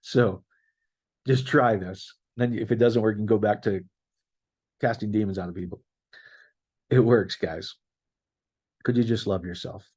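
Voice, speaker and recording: A man's voice: lowish voice, a little slow, pauses often, a little mellow, breathy edge. A middle-aged male pastor giving a conversational sermon, reading out testimonies and talking straight to his listeners. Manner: conversational, reads out testimonies, addresses listeners as guys.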